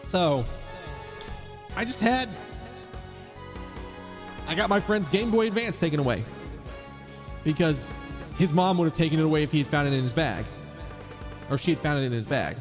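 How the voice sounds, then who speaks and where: A man's voice: on the high side, expressive, moderate pace, pauses often, music in the background. A man streaming a game, telling a rambling, profane story in a casual way. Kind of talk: casual storytelling while gaming.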